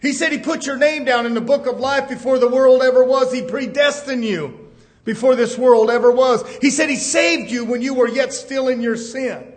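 High-voiced fervent male preacher. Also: normal speed. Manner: fervent, swinging from hushed to shouted. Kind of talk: sermon.

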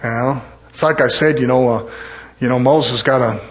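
A man preaching a sermon in a fervent cadence, punctuating it with amens and hallelujahs, slowing down low on scripture lines.

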